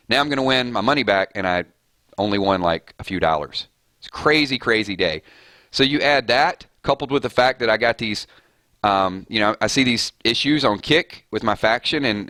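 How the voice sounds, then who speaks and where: A man's voice: medium pitch, pushed and bright, dry recording. A man streaming a mobile game, chatting casually with his viewers in a fired-up, rambling way and laughing often. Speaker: gaming streamer. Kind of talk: casual live-stream chat.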